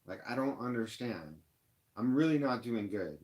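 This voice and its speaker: A rideshare driver ranting on a live stream, frustrated and upset, with halting restarts and lots of fillers. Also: male voice, medium pitch, lively intonation, a little mellow. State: upset, near tears.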